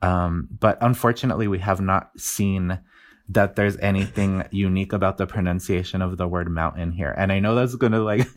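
A man's voice: sits low, steady tone, moderate pace. A man speaking as a linguist guest, explaining his research in a casual, enthusiastic way, often laughing and restarting words.

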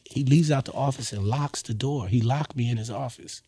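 A man, a guest rapper telling animated stories in a podcast interview and acting out what people said. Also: mid-range voice, moderate pace, husky, no room sound, clean studio sound. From New York. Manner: animated storyteller who acts out quotes.

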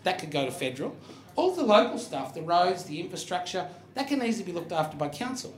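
A man hosting a live comedy show, animated and full of swearing. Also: sits high, quick pace, reverberant. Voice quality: profane, animated. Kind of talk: live comedy panel banter. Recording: audience laughter throughout. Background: live audience laughter.

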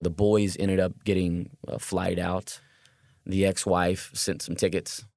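A man's voice: sits low, little pitch movement, slow pace, gravelly, darkish tone, no echo, studio quality. A man telling a tense first-person true story, often stumbling and repeating words.

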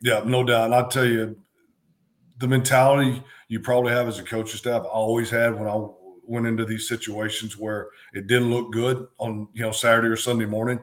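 A man's voice: mid-range voice, flat delivery, brisk. A middle-aged man, a former football coach and co-host, talking sports in a casual, emphatic way, repeating phrases to drive his points home.

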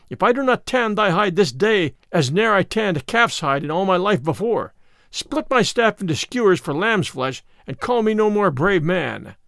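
A stubborn, fearless tanner, as a man reads him aloud, answering back in defiant old-fashioned words. The voice sits high and lively, recorded dry and close. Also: no room sound, exaggerated voice. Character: bold, stubborn male tanner.

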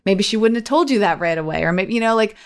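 A woman's voice: mid-range voice, animated, fast, clear, resonant tone. A woman co-hosting a podcast, talking in a thoughtful, rambling way with many fillers. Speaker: podcast co-host. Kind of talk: casual chat.

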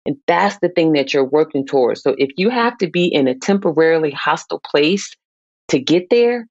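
A woman's voice: low-pitched, animated, moderate pace, no echo. Passionate woman on a dull, dry mic. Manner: passionate, emphatic, preacherly rises. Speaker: guest psychologist. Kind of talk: heartfelt podcast conversation.

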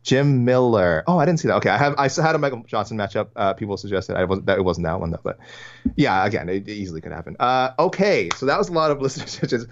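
A man's voice: on the low side, expressive, lo-fi sound. A Canadian man co-hosting a casual sports podcast, rambling and often correcting himself mid-sentence. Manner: quick, rambling, self-correcting. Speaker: podcast co-host.

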